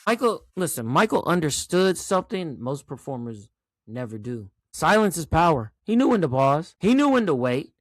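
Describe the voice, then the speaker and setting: Forty-something male host, fairly high lively voice, profane and emphatic casual talk. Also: dry recording, studio quality. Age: 40s. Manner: animated, profane, emphatic with rhetorical "right?". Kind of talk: casual commentary monologue.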